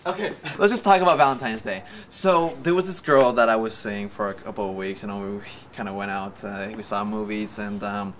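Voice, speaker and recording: A young man in his twenties telling a story in a casual vlog, talking fast and energetically, joking and theatrical. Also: lowish voice, noisy background. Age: young adult. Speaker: vlogger.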